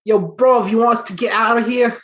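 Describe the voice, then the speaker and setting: A man putting on a Cockney accent to voice a brash young male mercenary who talks loud and slangy. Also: extremely high pitch, steady tone, brisk, pitched above the performer's own voice. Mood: cocky. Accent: put-on Cockney.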